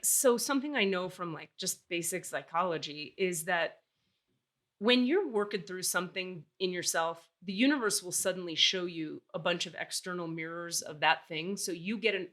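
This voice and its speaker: A woman in her forties hosting a podcast, telling a story candidly and with exasperation. She swears freely. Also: fairly low pitch. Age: 40s. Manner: animated, acts out dialogue while telling stories. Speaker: podcast host.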